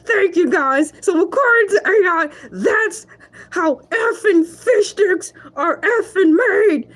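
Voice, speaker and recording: Hercules, a cocky shark who hosts his own live show, put on by a woman. His voice sits very high and quavers as he rants in mock outrage, then cracks up laughing. He boasts about himself and chats straight to his viewers. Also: expressive, slow, a bit bright, heavily acted. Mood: worked up. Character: brash self-proud male shark show host. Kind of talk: live-stream comedy monologue.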